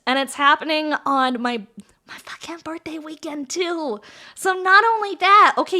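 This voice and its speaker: A woman with a high, sharp voice streams while building model kits, chatting casually with her viewers. She giggles a lot, swears often, and keeps up playful banter with chat.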